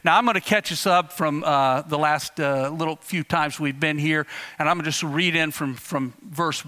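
A male pastor gives a relaxed, storytelling sermon, circling back often with fillers and restarts. His voice is bright and clear and sits a bit higher than most men's. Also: moderate pace.

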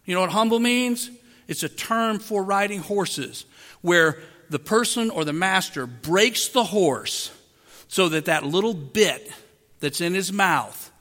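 A man with a high, bright voice delivers an emphatic sermon, pausing to ask the congregation questions. His words ring out through a large, reverberant hall. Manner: emphatic preaching with rhetorical questions to the listeners. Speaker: pastor.

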